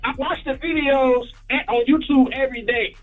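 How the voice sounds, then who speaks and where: A man's voice: very high voice, fairly even intonation, normal speed, narrow, tinny audio, over music. A man calling in to a radio show, teasing the hosts playfully. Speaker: caller. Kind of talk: call-in radio chat.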